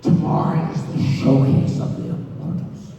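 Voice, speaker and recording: A man doing an impression of a hot-tempered older male wrestling boss, with a raspy, half-shouted, blustering delivery. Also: normal speed, lightly acted. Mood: insistent. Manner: blustering, swearing outbursts. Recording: echoey hall from far off.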